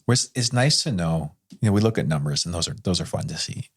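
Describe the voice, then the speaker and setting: A man co-hosting a podcast, speaking in an earnest, slightly halting way. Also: deep voice, lively intonation, gravelly, husky. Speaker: podcast co-host. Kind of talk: casual conversation.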